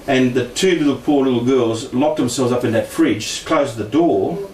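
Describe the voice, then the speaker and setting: Telling a personal story of paranormal encounters, a middle-aged man from Australia speaks at a moderate pace in a medium-pitched, slightly mellow voice. He keeps it casual, laughs often, and acts out the voices he quotes. The audio is echoey, distantly miked, and faintly noisy.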